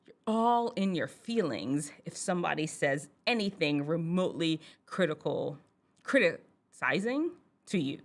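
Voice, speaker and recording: A woman physician hosting a show for teens, telling a casual personal story in an animated, chatty way and laughing often. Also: low voice, measured pace. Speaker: host, physician.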